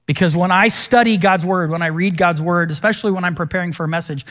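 Male pastor, middle-aged, high voice, casual sermon delivery with animated stories and self-deprecating asides. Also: fast.

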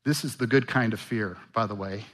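A man's voice: fairly low pitch, a little fast, a bit bright. A man preaching a sermon in an earnest, conversational way, often restarting his phrases. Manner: conversational, earnest, self-correcting.

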